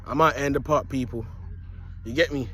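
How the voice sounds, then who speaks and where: Fast-talking streetwise man in a park. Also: mid-range voice, fairly bright tone. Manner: streetwise and preachy, repeats "you get me". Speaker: vlogger. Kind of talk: casual motivational vlog. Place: outdoors in a park.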